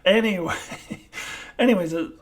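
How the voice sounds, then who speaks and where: Woman giving a halting, unscripted review. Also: lowish voice. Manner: halting, pauses to search for words; self-deprecating, laughs at herself.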